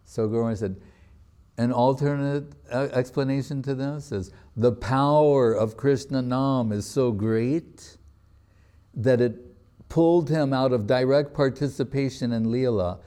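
A man's voice: mid-range voice, measured pace, mellow, clean tone. A man giving a religious talk, retelling a sacred story in a loose, conversational way with casual asides. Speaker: spiritual teacher.

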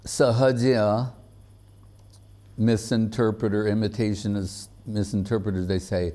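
A man giving a devotional lecture, speaking haltingly with many fillers and growing animated when he quotes others. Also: on the low side. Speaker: spiritual teacher giving a talk.

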